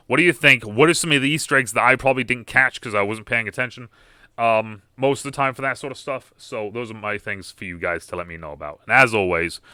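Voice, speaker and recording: Rambling young man with a crisp, bright voice. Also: on the low side, dry recording, studio quality. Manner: rambling, frequent fillers and restarts. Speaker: gaming YouTuber reacting to a game panel. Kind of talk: casual reaction commentary.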